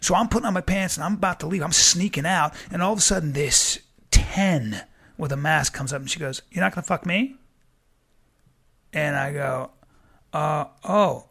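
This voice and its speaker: A man with a high, gravelly voice tells a comic story. He is excitable, acts out each voice in the tale and keeps stammering. His tone is bright and edgy. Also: fairly quick. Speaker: comedian guest.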